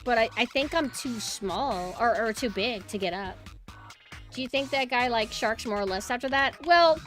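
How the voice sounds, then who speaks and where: A woman streamer talking casually to her viewers, excitable and swearing freely. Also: fairly high pitch, normal speed. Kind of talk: casual live-stream commentary. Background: game music.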